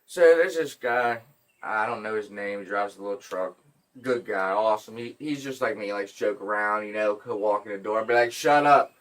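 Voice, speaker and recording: This podcast host is a man with a lowish voice who talks fairly quickly and sits far from the mic. He spins stories in an animated, casual way, full of jokes and profanity.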